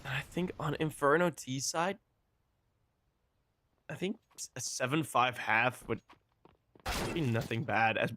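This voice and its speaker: A man casting a live match with play-by-play commentary, excitable and quick to exclaim between calls. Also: medium pitch, slight background noise. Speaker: esports caster.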